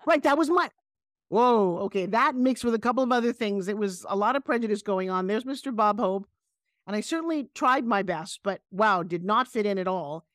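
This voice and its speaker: A middle-aged woman with a New York accent, a guest telling animated stories on a video call. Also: mid-range voice, fairly quick, dry recording, studio quality. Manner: animated, emphatic storyteller. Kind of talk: casual interview storytelling.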